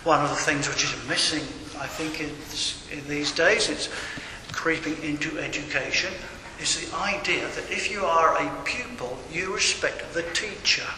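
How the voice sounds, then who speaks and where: A man's voice: fairly high pitch, moderate pace. An older man preaching a sermon in a conversational manner, with wry digressions. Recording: echoey hall with faint room noise.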